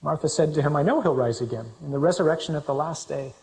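Animated preacher man in a reverberant hall. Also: on the high side, fast. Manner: animated, shifts between quiet reading and loud emphasis. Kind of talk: sermon reading and explaining scripture. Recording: long reverb from a large hall.

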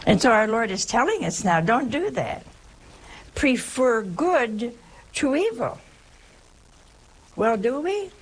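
Creaky-voiced woman preaching with folksy humor. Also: medium pitch, a little hiss or hum, low-quality recording. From Italian-American family. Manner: folksy, humorous storytelling with rhetorical questions. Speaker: religious teacher giving a talk. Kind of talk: sermon.

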